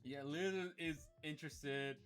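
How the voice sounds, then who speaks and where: A young man streaming, reading a visual novel aloud and breaking off with excitable, foul-mouthed commentary. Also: a little high, unhurried, faint music behind. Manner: excitable, swears a lot, laughs often.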